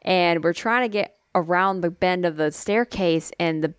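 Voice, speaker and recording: Woman, low voice, foul-mouthed rambling storyteller in casual chat. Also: normal speed, clean tone, no echo, studio quality. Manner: profane, rambling, animated storyteller.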